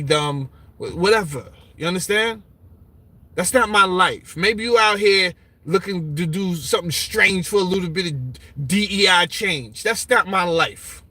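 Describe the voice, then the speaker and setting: A man talking in a casual, mocking way, answering viewer comments with lots of repetition. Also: high-pitched. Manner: animated, mocking, repeats "you understand?". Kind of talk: casual opinion talk. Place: Brooklyn.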